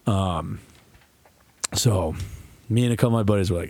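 A young man with a lowish voice spins a long, swearing-laced story on a casual podcast. He rambles and restarts, then slips into the voices of the people in his story. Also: moderate pace, vocal fry, darkish tone, no room sound. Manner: profane, rambling storyteller who acts out quotes. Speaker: podcast co-host.

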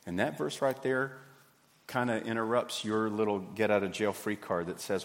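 A man, preaching a sermon in a folksy, animated way. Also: on the low side, moderate pace. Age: 50s. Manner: folksy, animated, acts out little scenes. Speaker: pastor. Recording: hall reverb.

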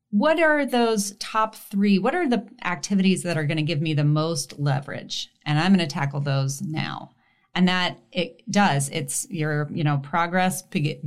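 A woman guest on a podcast, talking through advice in a relaxed way, with fillers as she thinks. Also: lowish voice. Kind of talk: casual advice chat.

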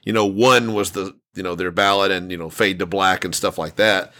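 Low-voiced rambling podcast host, a man. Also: steady tone, normal speed, pushed and bright. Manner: rambling storyteller with many restarts and fillers. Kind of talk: casual chat.

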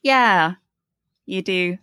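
A woman co-hosting a casual book discussion podcast, chatty, laughing often and throwing in animated asides. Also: medium pitch, drawn-out words, clear, resonant tone, no room sound, studio quality. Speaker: podcast co-host.

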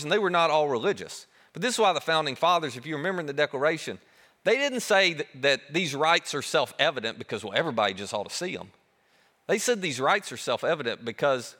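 A man preaching a sermon as pastor, animated and emphatic, dropping to a soft hush on key words. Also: on the high side, in a large hall.

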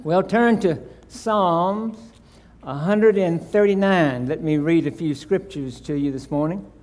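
Older male guest preacher, slightly high voice, slow and folksy, prays reverently. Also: darkish tone. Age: 60s or 70s. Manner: folksy, self-deprecating, then reverent in prayer. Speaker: visiting preacher. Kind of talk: sermon. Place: church.

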